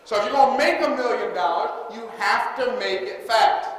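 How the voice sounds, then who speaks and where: A man's voice: extremely high pitch, normal speed, fairly bright tone. A man giving a motivational seminar talk, energetically getting the audience to call back and repeat his lines. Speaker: seminar speaker. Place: large conference hall. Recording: echoey hall, faint room noise.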